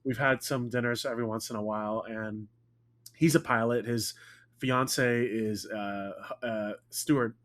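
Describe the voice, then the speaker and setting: An upbeat man hosting a podcast, talking in a relaxed, chatty way with a guest. His voice sits at an ordinary middle pitch, and he keeps the talk moving with friendly prompts. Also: moderate pace, no echo. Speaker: podcast host. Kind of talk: casual interview chat.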